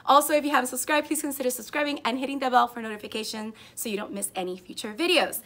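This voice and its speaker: A young woman teacher vlogger unboxing gifts in a casual chat, gushing and excitable, often saying "like". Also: sits high, fast talker. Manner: gushing, excitable, says like a lot. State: tearful, emotional.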